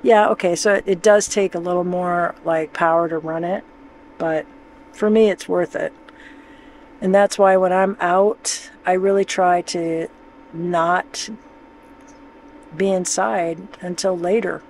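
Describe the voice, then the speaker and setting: A man's voice: high voice, fairly even intonation, slow pace, slight background noise, rough recording. A man vlogging casually from inside his camper van, rambling and joking and talking to his dog. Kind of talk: casual vlog chatter.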